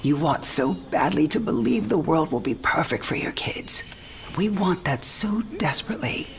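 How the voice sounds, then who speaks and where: An actress playing a frail, dying elderly mother, speaking softly in a breathy half-whisper. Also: low voice, lively intonation, moderate pace. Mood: tender. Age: older. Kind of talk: game cinematic acting.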